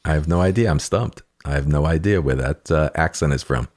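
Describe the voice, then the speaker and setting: An American man hosts a relaxed chat and jokes about being stumped. He speaks in a low voice. He is quick to compliment his guests. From United States. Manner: good-humoured, complimentary. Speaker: host. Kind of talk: casual podcast chat.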